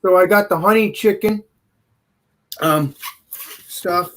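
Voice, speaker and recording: A man hosting a casual online food and beer show, chatting in a relaxed, rambling way. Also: sits high, slow pace. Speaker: host.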